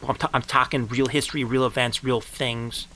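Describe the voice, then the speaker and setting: A man streaming live, retelling game battles with grand phrasing and heated, profane rants, and saying he is high. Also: steady tone, normal speed, pushed and bright, slight background noise.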